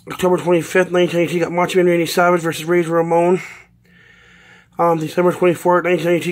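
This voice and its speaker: A man from Canada in a casual unboxing vlog, reading out a long list with many ums. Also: a little high. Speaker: vlogger.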